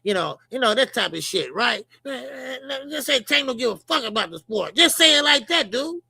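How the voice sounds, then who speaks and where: A middle-aged man from Chicago hosts a boxing channel, riffing in loud, profane, laughing banter. His voice sits high and gravelly with a sharp, bright edge. The sound is dry and close. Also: animated, moderate pace, no echo. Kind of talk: casual commentary.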